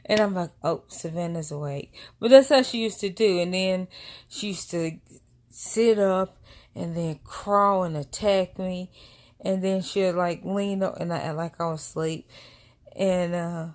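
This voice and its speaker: A woman's voice: on the low side, steady tone, a little slow. A woman vlogger, telling a family story in a casual, rambling way with many asides. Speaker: vlogger and mother.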